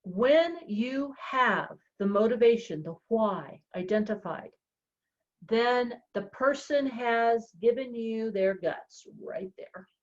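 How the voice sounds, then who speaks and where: A woman real estate coach explaining a coaching method in an animated, chatty way. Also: on the high side, takes it slowly. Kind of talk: coaching talk on a podcast. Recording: dull lo-fi sound.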